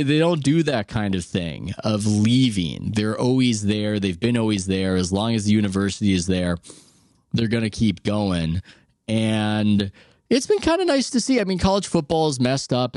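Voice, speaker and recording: A man's voice: lowish voice, darkish tone, no echo. Podcast host guy, candid and wry, kinda musing, dry close sound. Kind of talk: casual podcast conversation.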